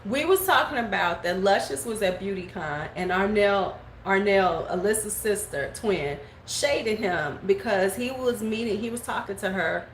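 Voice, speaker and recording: A woman in her forties chatting casually on a live stream, telling gossip and greeting viewers by name, sometimes slipping into squeaky voices to quote people. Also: expressive, normal speed, few pauses. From United States. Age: 40s. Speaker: beauty vlogger. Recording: echoey room with faint background noise.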